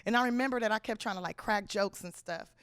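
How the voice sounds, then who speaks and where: A woman comedian from Los Angeles telling a comic story from her own life in slangy, animated speech. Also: medium pitch, fast, clean tone, no room sound, clean studio sound. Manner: animated, slangy, acts out the people in her stories.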